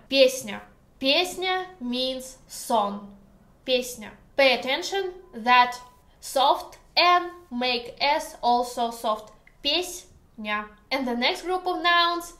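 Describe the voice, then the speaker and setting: A woman's voice: sits high, lively intonation, pushed and bright. A Russian-accented woman teaching a casual language lesson at home, speaking careful, hesitant English with a joking streak. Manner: slow, careful, hesitant English with many pauses; playful, joking. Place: home kitchen. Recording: echoey kitchen room.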